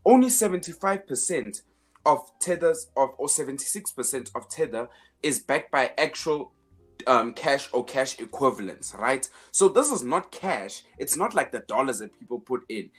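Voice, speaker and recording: A man's voice: on the high side, husky. A man hosting a finance show in casual commentary, emphatic, repeating words as he builds each point, with sarcastic asides.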